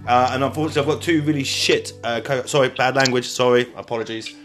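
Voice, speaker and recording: A man's voice: medium pitch, steady tone, fairly bright tone, faint music behind. A man hosting a casual podcast interview, rambling and joking, apologising as he goes. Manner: jokey, rambling, quick to apologise. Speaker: podcast host.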